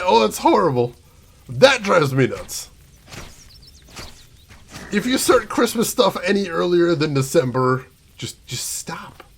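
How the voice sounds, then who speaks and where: A man's voice: high-pitched, vocal fry, a bit bright, slight background noise. A young American man streaming a game, chatting casually and mock-ranting playfully at his chat. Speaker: gaming streamer. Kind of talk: casual gameplay commentary.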